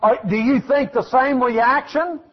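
Male preacher, very high husky voice, fiery folksy delivery, muffled lo-fi recording. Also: measured pace. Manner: folksy, shouting at peaks then dropping low. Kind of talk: fiery sermon.

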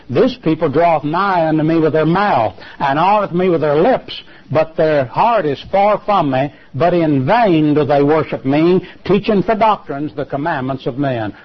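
A man with a slightly high voice preaches a sermon, pressing his points with rhetorical questions. His pitch leaps suddenly when he stresses a word. The sound is somewhat dull and lo-fi, like an old television broadcast.

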